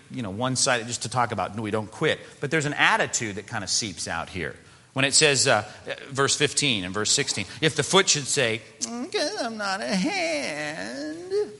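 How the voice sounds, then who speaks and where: A male pastor preaches in a relaxed, conversational way, with a bright, ringing tone and a pitch that swings up and down a lot. He throws in asides and rhetorical questions to the congregation. His voice carries a long reverb, as in a large sanctuary. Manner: mimics whining body parts in a high voice. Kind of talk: sermon.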